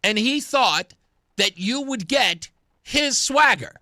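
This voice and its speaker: A man's voice: very high voice, slow pace, no echo, clean studio sound. A man hosting a talk radio show, delivering an opinionated, mocking monologue with frequent laughter. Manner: mocking, animated, laughs often.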